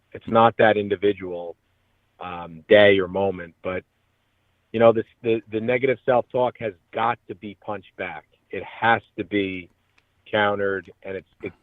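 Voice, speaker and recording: A man talks earnestly and motivationally as a guest on a radio interview. His voice sits a little low and arrives over a tinny phone line. The sound is dry, with no room around it. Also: fairly even intonation, moderate pace, no echo.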